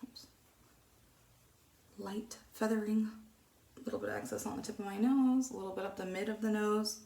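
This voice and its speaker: Chatty woman with a gravelly voice. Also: medium pitch, normal speed, long pauses, slight background noise. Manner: chatty and rambling, with soft muttered asides. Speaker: beauty vlogger. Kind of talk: casual makeup tutorial chat. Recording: echoey room.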